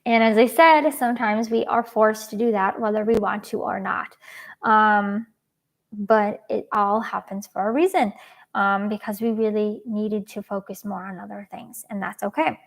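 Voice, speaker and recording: A woman's voice: mid-range voice, fairly even intonation, measured pace. A young adult woman giving casual, earnest advice as a dietitian host, with frequent ums.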